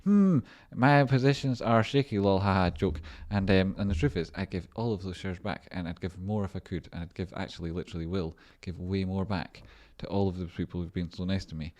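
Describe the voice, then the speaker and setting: A man with a notably deep, low voice hosts a trading livestream. He rambles loosely, jokes around and swears casually while working through viewer messages. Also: fairly quick, few pauses, a little mellow, dull audio. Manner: rambling, joking and swearing while reading chat. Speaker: stock trading streamer.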